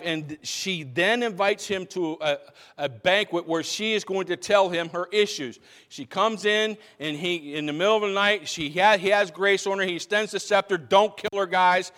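A man's voice: sits high, fairly bright tone. A man preaching a sermon as pastor, talking conversationally, restarting phrases and asking the congregation questions. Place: church sanctuary. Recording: long hall reverb from a church sanctuary.

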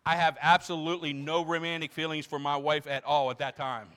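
A man's voice: fairly high pitch, level tone, fairly quick, a bit bright, clear, resonant tone. A man in his sixties, a pastor preaching to a congregation in church, emphatic, asking rhetorical questions and repeating words. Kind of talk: sermon.

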